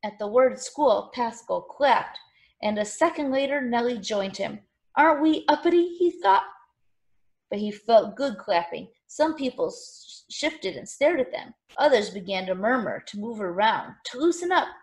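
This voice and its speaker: A woman reading a children's novel aloud with expressive, animated storytelling. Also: a little high, moderate pace. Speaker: narrator.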